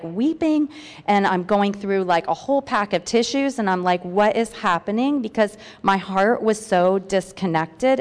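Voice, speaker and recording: Earnest woman reading aloud in reverberant hall. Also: lowish voice. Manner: earnest, heartfelt, with hesitant fillers. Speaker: church member sharing a testimony. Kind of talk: reading a personal testimony aloud.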